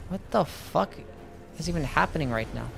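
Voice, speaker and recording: A man's voice: a little high, lively intonation, normal speed, creaky, music in the background. A man streaming a video game live, talking back to his chat in an exasperated way and swearing often. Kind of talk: live-stream commentary while playing.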